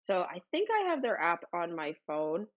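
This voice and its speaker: A woman's voice: fairly low pitch, wildly swooping pitch, moderate pace. Bubbly woman chatting on a lo-fi livestream. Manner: chatty and bubbly, frequent exclamations and fillers. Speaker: livestream host. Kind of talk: casual livestream chat reading viewer comments.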